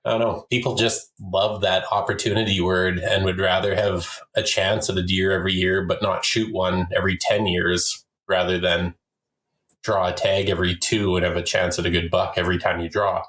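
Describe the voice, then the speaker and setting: Deep-voiced man, blunt and opinionated. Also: little pitch movement, normal speed, fairly bright tone. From Canada. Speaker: podcast guest, hunter and wildlife photographer. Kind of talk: casual conversation. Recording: roomy echo.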